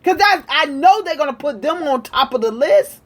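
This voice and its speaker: A woman's voice: high-pitched, animated, normal speed. A woman delivering a heated, profane political rant, repeating her points with emphasis. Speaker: political commentator.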